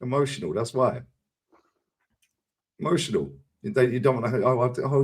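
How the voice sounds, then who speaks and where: A man's voice: mid-range voice, animated, moderate pace. A man co-hosting a live stream, giving opinionated, sweary banter. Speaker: stream co-host. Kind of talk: casual live-stream chat.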